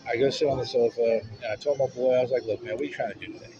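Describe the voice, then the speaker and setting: Over music, a vlogger races through a personal story in a steady, mid-range voice, speaking casually and frankly and swearing freely. The recording is muffled, with noisy street sound.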